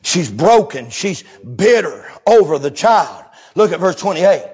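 A high-pitched, gravelly preacher in full revival cry, dropping to a low murmur and then rising into hoarse, sing-song shouts. His voice is husky and rough. The recording sounds dull and lo-fi. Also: big pitch swings, a little slow, few pauses. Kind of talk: shouted Southern revival sermon.

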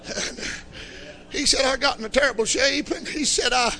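A man preaching a sermon, telling a story and rising into fervent shouting. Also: very high voice, moderate pace, soft background music.

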